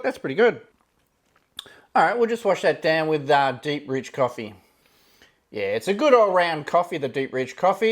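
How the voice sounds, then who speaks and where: In a relaxed, casual style, a man reviews ration food with a slightly high voice. He thinks aloud with each taste, pausing on fillers and often kicking off with "yeah, look."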